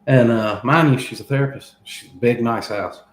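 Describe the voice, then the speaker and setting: A man's voice: mid-range voice, moderate pace, reverberant, a little hiss or hum. A man in his thirties telling a long story in casual chat, laughing as he goes and acting out what people said. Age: 30s. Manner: animated, laughing between lines, acts out quoted speech.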